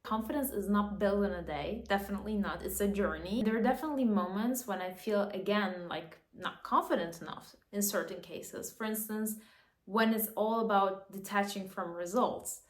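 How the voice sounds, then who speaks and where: A woman's voice: medium pitch, normal speed. A woman vlogger giving earnest, coaching advice in casual talk to camera, often checking in with "okay?". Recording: echoey room.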